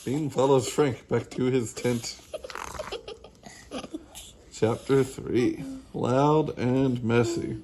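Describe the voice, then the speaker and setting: A man reading a children's storybook aloud in a gentle, unhurried way. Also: mid-range voice, fairly even intonation. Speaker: storybook reader.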